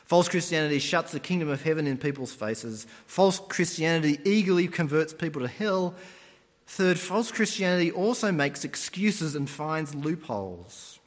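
A man's voice: fairly high pitch, normal speed. A man preaching a sermon, retelling stories and putting on voices as he goes. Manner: animated storytelling, mimics voices. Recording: long hall reverb.

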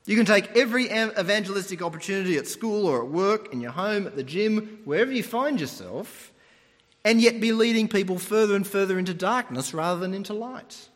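Male preacher, animated sermon delivery, high and expressive, long reverb. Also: fairly quick. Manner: animated storytelling, mimics voices.

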